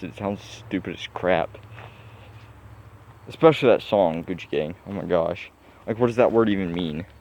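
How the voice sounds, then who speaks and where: A man's voice: fairly low pitch, darkish tone. A young man musing aloud in a casual vlog, rambling with many fillers and restarts. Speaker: vlogger. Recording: dull lo-fi sound.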